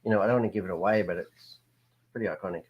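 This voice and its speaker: A man's voice: sits low, racing, lo-fi sound, a little hiss or hum. A man hosting a hobby show, joking and rambling in casual chat.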